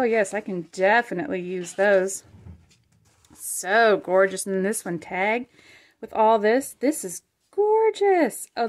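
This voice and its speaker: A woman hosting a casual crafting vlog, unboxing supplies with chatty, gushing excitement and frequent fillers. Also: mid-range voice. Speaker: craft channel host.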